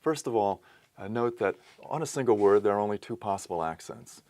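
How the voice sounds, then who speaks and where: Methodical male teacher, low voice. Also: a little fast, a little mellow, dry recording. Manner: methodical, explains step by step with small self-corrections. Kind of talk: recorded lecture.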